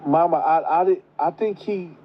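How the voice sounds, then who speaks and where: A man's voice: a little high, moderate pace, slight background noise, voice pushed up, natural voice. A man voicing a nervous young woman who stammers as she confesses. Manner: hesitant, stammering. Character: scared young woman confessing to her mother. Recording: muffled lo-fi recording.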